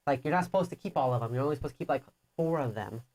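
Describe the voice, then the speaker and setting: A woman's voice: extremely low pitch, animated, racing, a little mellow. A woman co-hosting a live board game playthrough, teasing her opponent and explaining rules at length in casual chat. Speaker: board game show co-host.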